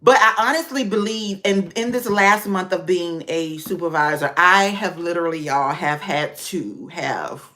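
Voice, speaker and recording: A woman's voice: fairly low pitch, a little slow, hardly any pauses, pushed and bright. A woman vlogger chatting casually on a livestream, talking to viewers by name.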